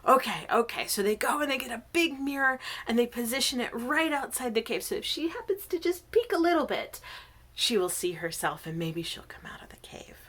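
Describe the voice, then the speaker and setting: A woman, a worship associate, telling a myth in a church service, animated and often dropping to a whisper. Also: fairly high pitch, brisk.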